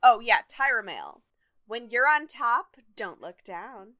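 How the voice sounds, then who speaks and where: A young woman co-hosting a podcast, casually recapping a TV episode with quick summaries and dry asides. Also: fairly high pitch, big pitch swings, sharp tone, dry recording. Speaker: podcast co-host. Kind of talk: casual chat recapping a TV show.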